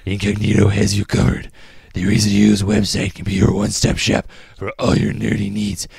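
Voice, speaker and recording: A man's voice: fairly low pitch, monotone, moderate pace, vocal fry, darkish tone, husky, dry recording, studio quality. A man co-hosting a podcast, joking and laughing between a casual ad read. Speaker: podcast co-host.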